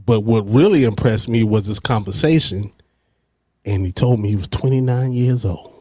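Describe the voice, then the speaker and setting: A man's voice: lowish voice, normal speed, mellow, dry recording. Laughing, storytelling talk show host man. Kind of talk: casual radio chat.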